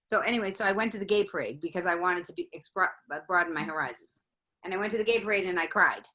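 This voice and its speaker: Fast-talking bright-voiced woman telling a story. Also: on the low side, rough recording. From Boston area. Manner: animated, acts out voices in her story. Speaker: comedian guest. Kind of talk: storytelling in casual chat.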